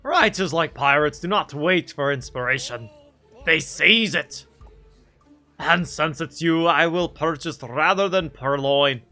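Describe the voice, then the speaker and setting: A man's voice: on the high side, a little slow, pushed and bright, soft background music. A man voicing a vain, pompous male pirate captain with a put-on Scottish accent and grandiose, theatrical speech. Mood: boastful. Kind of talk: voicing game dialogue on a stream.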